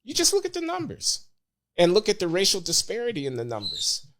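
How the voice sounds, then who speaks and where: An older man as a podcast guest, speaking earnestly and in measured terms. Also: sits high, wildly swooping pitch, a bit bright. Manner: earnest, measured, grows emotional. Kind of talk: casual podcast interview.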